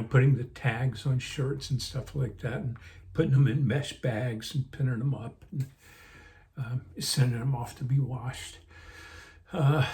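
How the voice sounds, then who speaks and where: A man's voice: mid-range voice, darkish tone. Older man rambling through a memory. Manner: rambling, unhurried, many fillers and restarts. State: yawning, sleepy. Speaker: vlog host. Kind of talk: casual reminiscing.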